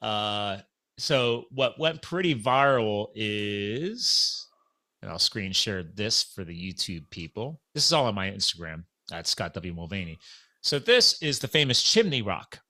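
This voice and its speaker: Guy with a bright forceful voice rambling through a story, acts out what people said. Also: fairly low pitch, a little slow. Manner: animated, acts out quoted dialogue. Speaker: podcast guest telling a story. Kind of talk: casual storytelling chat.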